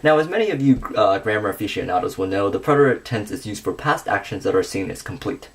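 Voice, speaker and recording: A young man giving a scripted grammar lesson, working through verb endings slowly and methodically. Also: fairly low pitch, lively intonation. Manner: methodical, reads conjugations slowly with pauses.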